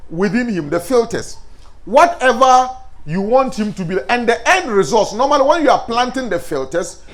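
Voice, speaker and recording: Male Islamic teacher, high lively voice, call-and-response lecturing. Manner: animated, asks the class questions and answers them himself. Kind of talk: classroom lecture.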